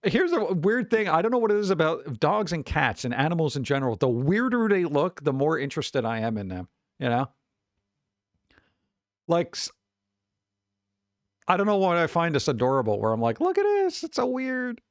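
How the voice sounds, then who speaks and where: A young male streamer chats casually over a desk mic as he scrolls through pet pictures. His voice sits a bit high and swings widely in pitch, with chuckles and quick mock voices for the animals. The sound is close and dry. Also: very animated, no echo.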